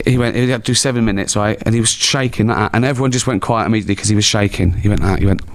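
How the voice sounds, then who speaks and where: A middle-aged man with an English accent, telling animated stories as a guest comedian in a casual chat. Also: lowish voice, rapid-fire. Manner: animated, laughing storyteller. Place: town hall stage before an audience.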